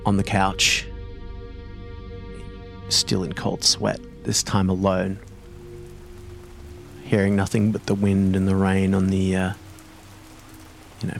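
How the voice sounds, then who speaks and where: Gravelly low-voiced game master. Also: male voice. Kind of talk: narrating a tabletop horror game.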